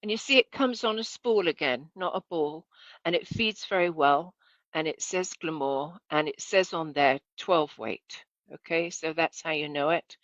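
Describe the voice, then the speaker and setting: A woman's voice: low-pitched, normal speed, a bit bright, dry recording, dull audio. A woman giving a casual, chatty demonstration lesson as a sewing instructor, correcting herself and asking viewers to look.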